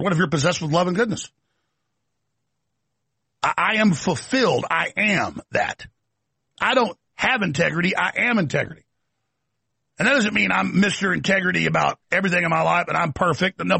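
A man's voice: high voice, gravelly, bright, forceful tone, breathy edge, dry recording. A man hosting a talk show, delivering an emphatic, mocking ranting monologue. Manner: emphatic, rapid-fire, mocking.

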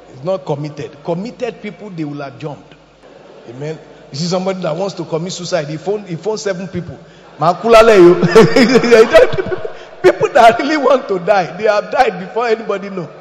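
A man preaching a sermon, telling animated stories and asking the congregation questions. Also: high voice, a little fast, a little hiss or hum. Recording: echoey hall, dull sound.

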